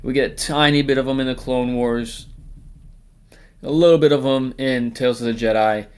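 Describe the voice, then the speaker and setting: A man's voice: mid-range voice, fairly even intonation, normal speed, clear, resonant tone. A man hosting a casual tier-list ranking, talking in a rambling, jokey way, swearing often and sometimes trailing off into mumbles and whispers. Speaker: host.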